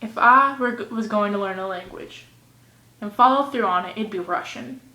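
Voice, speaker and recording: A teenage girl vlogging casually, rambling in a goofy way and swinging between mumbles and loud outbursts, recorded on a phone or webcam at home. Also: medium pitch, moderate pace. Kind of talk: casual vlog rant. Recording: echoey room.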